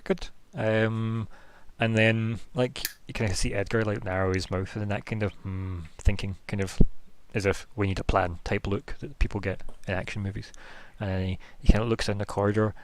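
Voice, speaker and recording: A man's voice: fairly low pitch, fairly even intonation, normal speed. Rambling man running a tabletop game. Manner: loose, rambling scene description full of hedging fillers. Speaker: game master.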